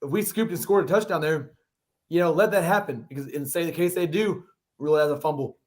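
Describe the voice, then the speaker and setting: Man, podcast guest, rapid-fire, slightly high voice, rambles and repeats himself. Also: a little mellow. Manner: rambling, repeats words while thinking. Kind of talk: casual sports chat.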